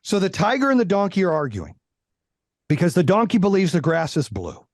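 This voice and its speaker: This middle-aged man is a podcast guest talking candidly in interview style, blunt, animated and heavy on the swearing. His voice is high and a little fast, captured as a dry, clean studio recording.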